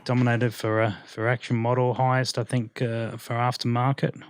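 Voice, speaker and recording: A man's voice: mid-range voice, little pitch movement, normal speed. A man co-hosting a podcast in casual, joking banter, often restarting his sentences. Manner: joking, self-mocking, stumbling restarts. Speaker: podcast co-host.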